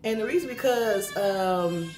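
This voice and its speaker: At home indoors, a middle-aged woman vlogger speaks to camera, offering earnest, emotional and conversational advice on grief. Her voice is mid-range and darkish at a moderate pace, in an echoey room with faint background noise.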